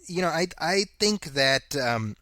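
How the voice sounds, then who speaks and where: Bright-voiced man co-hosting a podcast. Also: fairly high pitch, sing-song, unhurried, dry recording, studio quality. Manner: reads listener quotes aloud, laughs often. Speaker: podcast co-host. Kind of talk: casual chat.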